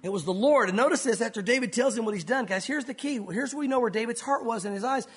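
Husky high-voiced preaching man. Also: fast. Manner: animated, acts out bible scenes with sound effects. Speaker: pastor. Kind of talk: sermon.

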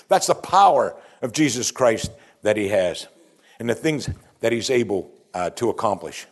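A man's voice: mid-range voice, moderate pace. Emphatic male preacher mid-sermon. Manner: emphatic, repeats rhetorical questions.

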